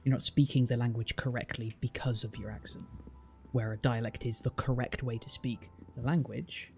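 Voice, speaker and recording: A British man chatting casually on a stream, picking up viewer comments and explaining things at length. His voice is gravelly with creak, at a middle pitch, with faint music playing behind him. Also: steady tone, normal speed, darkish tone. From Britain.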